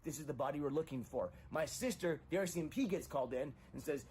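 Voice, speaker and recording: A man's voice: on the high side, lively intonation, a little fast, darkish tone, a little hiss or hum. A middle-aged man in a rambling, emotional confessional monologue, distraught and repeating himself. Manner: rambling, repetitive, grief-stricken, voice rising when agitated. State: distraught after a breakup and a loss.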